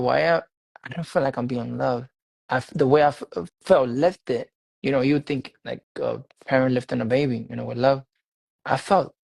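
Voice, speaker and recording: A man telling a personal faith testimony in a casual interview, animated and laughing often, repeating his phrases. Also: mid-range voice, gravelly, no room sound, rough recording. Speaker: guest sharing a faith testimony.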